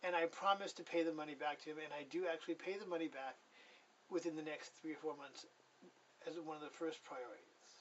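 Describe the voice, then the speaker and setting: A man with a high voice tells a personal story in a loose, chatty way, stopping to fix his own slips and chuckling along. He sounds set back from the microphone. The recording is dull and muffled, with faint background hiss. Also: steady tone, fairly quick, fairly bright tone, recorded from a distance. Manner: rambling, corrects himself, chuckles often. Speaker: personal testimony speaker.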